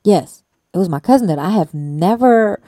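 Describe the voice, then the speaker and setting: A woman's voice: mid-range voice, lively intonation, moderate pace, mellow, dry recording. A woman telling a personal story in casual conversation, rambling with many fillers and free swearing. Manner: slangy, hesitant.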